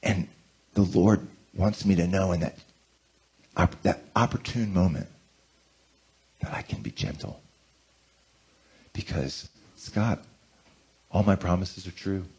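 A man in his forties preaching a conversational sermon, telling self-mocking stories in an animated way. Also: low-pitched, a little slow, long pauses, husky. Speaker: pastor.

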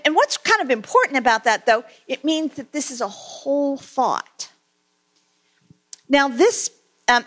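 A woman giving a conversational sermon, asking her listeners questions and reading scripture aloud, with frequent pauses and fillers. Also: fairly high pitch. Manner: conversational, asks the congregation questions; halting, many fillers. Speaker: preacher.

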